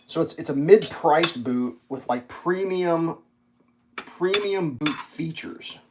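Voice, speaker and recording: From a breakfast table, a man hosting his own channel rambles through a casual rant, swearing a lot and using many fillers. His voice is a little high and he takes it slowly, with background noise present.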